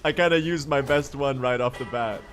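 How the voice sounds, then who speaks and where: A young man streaming a speedrun, chatting casually, joking with chat, swearing and bursting into shouts. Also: medium pitch, moderate pace, a little hiss or hum. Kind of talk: casual livestream commentary while gaming.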